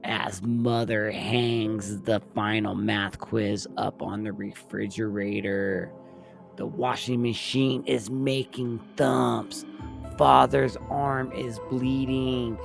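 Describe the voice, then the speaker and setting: Guy narrating a movie recap slow, gravelly voice, faint music behind. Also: on the low side, level tone. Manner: plain step-by-step retelling. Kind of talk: film plot recap narration.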